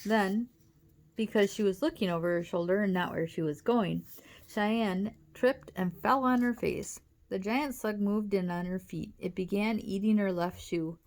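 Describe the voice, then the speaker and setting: A woman's voice: medium pitch, unhurried, darkish tone, a little hiss or hum. Woman reading a children's story. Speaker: audiobook reader. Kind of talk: reading a children's book aloud.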